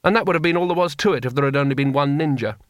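A man narrating an audiobook in a dry, lively storytelling manner. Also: fairly high pitch, very fast, no room sound.

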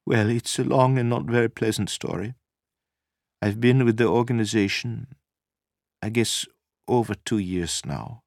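A man doing a husky, nervous young woman. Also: lowish voice, unhurried, pauses often, dry recording, clean studio sound, voice pushed up. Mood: tense. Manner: tremulous, soft-spoken.

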